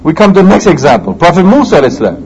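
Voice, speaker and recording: A male preacher delivering a sermon in a fairly high voice that leaps up and down with great animation. He shifts between loud emphasis and hushed asides, and rattles off quick Quranic Arabic between his English explanations. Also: very animated, muffled recording. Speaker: Islamic preacher.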